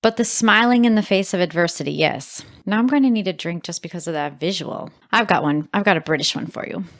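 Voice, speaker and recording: A woman co-hosting a podcast in a small studio, speaking in animated casual chat with mock indignation. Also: fairly low pitch, brisk. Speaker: podcast co-host.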